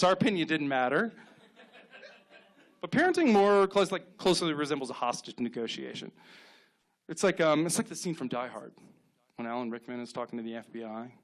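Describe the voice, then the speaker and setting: A man in his thirties doing stand-up on a club stage, telling deadpan stories and acting out short quotes. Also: sits high. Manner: deadpan storytelling with quick acted-out quotes. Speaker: stand-up comedian. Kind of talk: stand-up set.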